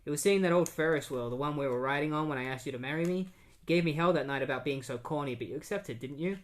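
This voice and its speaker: A podcaster reading the lines of a grieving male superhero speaking to his late wife, in a soft, tender manner. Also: mid-range voice, fast talker, close to an everyday voice.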